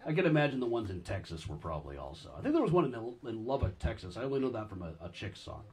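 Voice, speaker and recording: A man giving a public history lecture, telling stories in an animated, wry and chatty way. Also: mid-range voice, quick pace, slightly rough.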